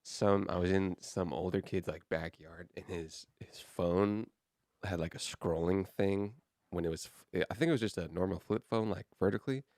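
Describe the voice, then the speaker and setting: A young man with a low, gravelly voice co-hosting a podcast and rambling through his thoughts in a laid-back way. He leans on "dude" and "like" a lot, and the sound is dry and close. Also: normal speed, darkish tone, dry recording. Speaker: podcast co-host. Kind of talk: casual chat.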